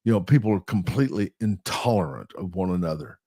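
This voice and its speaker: A man's voice: sits low, animated, fast talker, mellow, dry recording, clean studio sound. A middle-aged man and pastor hosting a podcast, talking emphatically in a sermon-like way and laughing at himself now and then.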